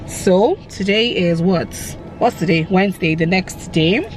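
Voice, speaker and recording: A woman's voice: lowish voice, unhurried, a little hiss or hum. A woman in her thirties talking casually to camera as a vlogger, chatty and upbeat, with frequent um fillers. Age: 30s. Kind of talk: casual vlog chat to camera.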